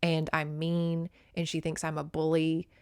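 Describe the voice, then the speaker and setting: A woman voicing a big, rough, hot-headed man full of self-pity as she retells a romance novel. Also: low voice, completely flat delivery, measured pace, no echo, clean studio sound. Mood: mopey.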